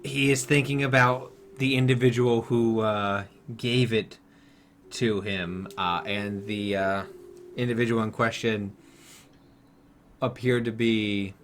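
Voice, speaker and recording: Low-voiced male game master running a tabletop game, thinks out loud, faint noise behind. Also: steady tone. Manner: halting, thinking aloud.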